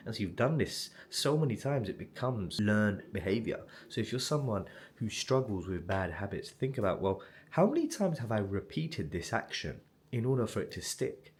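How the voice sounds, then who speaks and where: A man giving a blunt, casual motivational talk straight to the viewer, swearing freely and often asking "right?". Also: low voice. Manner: blunt and swearing, direct address with frequent "right?". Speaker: motivational self-improvement creator.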